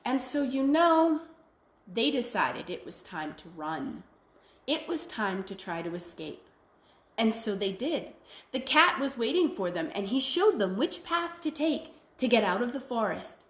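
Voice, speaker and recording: A woman storyteller telling a traditional tale in an expressive, folksy way. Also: medium pitch, measured pace, reverberant. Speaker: library storyteller. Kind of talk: oral storytelling.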